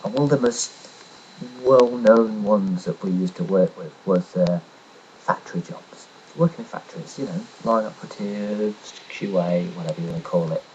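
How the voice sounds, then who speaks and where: Blunt young man ranting, low voice. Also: darkish tone, muffled recording, slight background noise. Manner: blunt, swearing, sarcastic storytelling. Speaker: vlogger telling a personal story. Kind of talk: casual ranting monologue.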